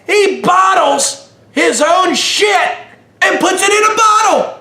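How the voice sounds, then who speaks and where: A man with a very high, bright voice hollers through a comedic trooper story. His delivery is slow, drawn out and profane. The sound is roomy and echoey. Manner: loud, shouting, profane rants. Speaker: comedic hot sauce reviewer playing a retired state trooper. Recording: roomy echo.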